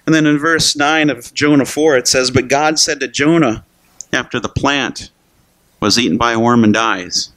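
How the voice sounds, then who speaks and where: Speaking at a medium pitch and a moderate pace, this pastor has a slightly bright voice, recorded with no echo. He preaches casually, as if chatting, throwing out rhetorical questions and voicing Bible characters in quotes.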